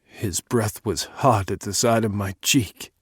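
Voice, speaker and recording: A man narrating a first-person audiobook in a measured, intimate reading on a close studio mic. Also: lowish voice, breathy edge, no room sound.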